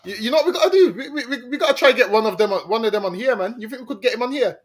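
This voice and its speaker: A man's voice: extremely high pitch, expressive, rapid-fire, husky. A man co-hosting a podcast in casual chat, mocking and slangy, often laughing and tagging lines with "man". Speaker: podcast co-host.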